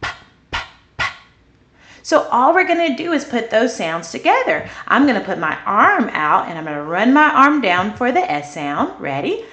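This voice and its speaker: Woman host of a children's speech therapy lesson, very lively pitch, encouraging, slow and clear on practice words. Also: reverberant. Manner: animated, encouraging, talks straight to children; slows down and stretches practice words. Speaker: early childhood educator.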